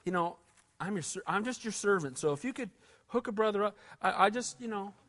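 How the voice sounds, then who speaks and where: Man putting on a wheedling young king, soft and low, hesitant, slangy. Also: expressive, a little fast. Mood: groveling. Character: groveling young king begging enemy for favor.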